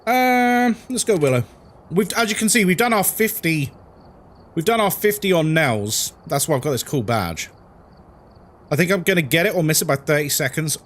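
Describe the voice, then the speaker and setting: A man's voice: fairly high pitch, lively intonation, normal speed, a bit bright. A man with a London accent, live-streaming a horror game and chatting with viewers about their comments. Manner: chatty, answers chat comments. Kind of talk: live-stream chat while gaming.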